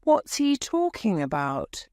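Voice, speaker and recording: A woman's voice: medium pitch, big pitch swings, slow, darkish tone, no echo, clean studio sound, pitched above the performer's own voice. A woman doing a fussy, scolding aunt.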